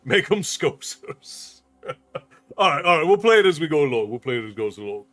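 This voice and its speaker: A man's voice: on the high side, very animated, rapid-fire, a bit bright. A man from New York City, a streamer, chatting casually with viewers, reading their messages aloud and laughing often.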